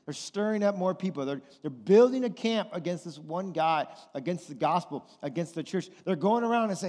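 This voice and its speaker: High-voiced male preacher in a reverberant hall. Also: a little fast, hardly any pauses. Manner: animated, conversational, asks the audience questions. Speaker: pastor. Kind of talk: sermon.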